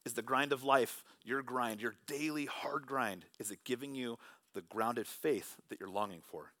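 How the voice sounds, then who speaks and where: A man preaching a sermon in church, shifting between loud, animated bursts and hushed, quiet passages. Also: medium pitch, normal speed, no room sound. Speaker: pastor.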